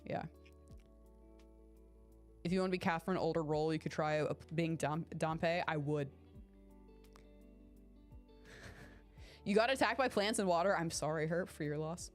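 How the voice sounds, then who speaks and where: Young woman streamer, getting over an illness, excitable and foul-mouthed, calls out chat members by name; light music bed. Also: low voice, moderate pace, long pauses. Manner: excitable, swears freely, talks to chat by name. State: recovering from illness. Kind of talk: casual live-stream chat.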